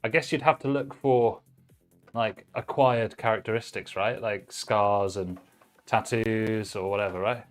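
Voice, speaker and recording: A man's voice: lowish voice, unhurried, soft background music. Chatty man streaming a PC build. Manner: chatty, relaxed, reads chat messages aloud while working. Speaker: livestream host building a PC. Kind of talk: casual live-stream chat.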